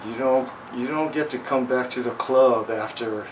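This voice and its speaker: A man in his sixties from Los Angeles recounts his memories in a frank, storytelling way during a home interview. His voice sits at an ordinary pitch for a man. It is picked up from a distance, with a steady air conditioner hum underneath. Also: normal speed. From Los Angeles, USA. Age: 60s. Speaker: veteran interviewee. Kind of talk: oral history interview.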